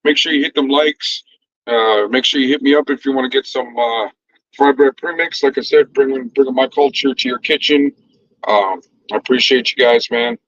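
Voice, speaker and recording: A man's voice: mid-range voice, normal speed, a bit bright, no room sound. A middle-aged man talks loosely into his phone while cooking, full of easy laughs and fillers. The sound is close and dry, with no room around it. The audio comes through somewhat dull and muffled. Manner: laid-back, loose and chatty, with frequent laughs and fillers. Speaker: food truck cook and vlogger. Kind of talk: casual livestream chat.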